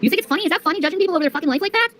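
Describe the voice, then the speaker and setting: A woman's voice: very high-pitched, expressive, racing, fairly bright tone, a little hiss or hum. A woman streamer on a profane rant, mocking and scolding her critics. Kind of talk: profane ranting livestream.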